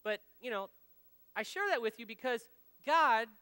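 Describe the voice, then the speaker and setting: At a men's ministry gathering, a man in his thirties or forties gives a folksy, conversational sermon rich with personal stories, speaking straight to the audience. His extremely high voice is animated, bright, forceful and smooth at a moderate pace; there's no echo, yet the sound is big-room.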